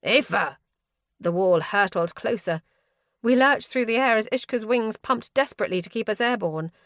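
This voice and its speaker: A woman's voice: on the high side, normal speed, a bit bright, no room sound, studio quality. A woman reading a first-person fantasy audiobook with a tense, dramatic delivery. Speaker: audiobook narrator.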